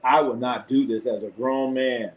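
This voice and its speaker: Guy doing live sports talk on his stream, blunt, swears a lot, laughs a bunch, mid-pitched voice. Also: normal speed, a little hiss or hum. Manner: animated, laughing, blunt and profane. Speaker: sports show host. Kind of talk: live sports commentary and chat.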